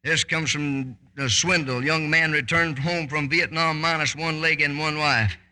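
A preacher man delivers a fervent sermon in a very bright, slightly high voice. He breaks into sudden loud, high bursts and rattles off quick asides. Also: steady tone, clean tone.

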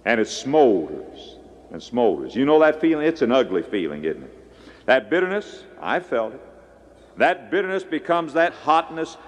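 A man preaching a sermon, swinging between hushed low lines and loud high bursts. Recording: long echo of a large hall.

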